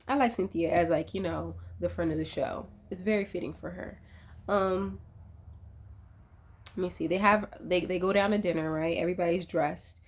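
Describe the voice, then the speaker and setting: A woman casually recapping a reality TV episode, animated and profane, with laughing asides. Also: fairly low pitch. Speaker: reality TV commentator.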